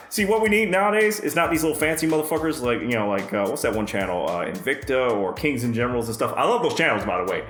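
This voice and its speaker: A man's voice: medium pitch, very animated, fast talker, hardly any pauses, a bit bright, echoey room, faint music behind. A man telling a ghost story in a casual, profane, rambling way, joking as he goes. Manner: laid-back, joking. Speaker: host.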